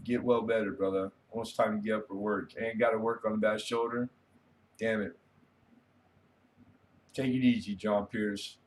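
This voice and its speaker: A man's voice: lowish voice, flat delivery, moderate pace, pauses often, a little hiss or hum. A man hosting a casual late-night livestream, rambling easily and reading viewer comments aloud. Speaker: livestream host.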